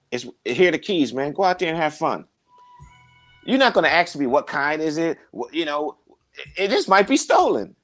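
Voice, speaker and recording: A man with a lively, swooping voice talks in a casual chat, preaching and telling anecdotes. He acts out the voices of the people he quotes in them. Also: on the high side. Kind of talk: casual conversation, storytelling.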